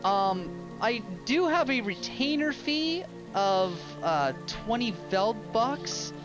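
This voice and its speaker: A fussy, polite small-time lawyer played by a man, halting and circling back on his words. The voice runs fairly high, over a dull lo-fi recording with loud ambient music behind it. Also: big pitch swings, full character voice. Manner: halting, full of ums and restarts, polite. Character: hesitant, fussy male lawyer, mild and bureaucratic.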